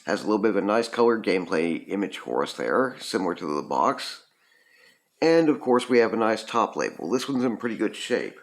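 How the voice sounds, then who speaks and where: A man's voice: on the low side, very animated, a little fast. A man casually reviewing a retro video game, rambling with lots of ums and uhs. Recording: roomy echo.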